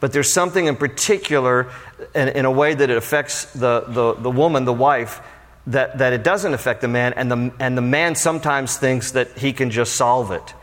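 A man preaching a sermon as a pastor, animated, with playful asides to the congregation. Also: mid-range voice, normal speed, in a large hall.

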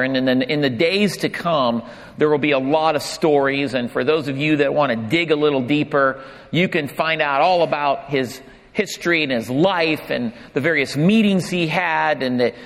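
A man's voice: a little high, fairly bright tone. A middle-aged man preaching a sermon, telling family stories with humor before turning reflective. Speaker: pastor. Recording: long reverb of a large hall.

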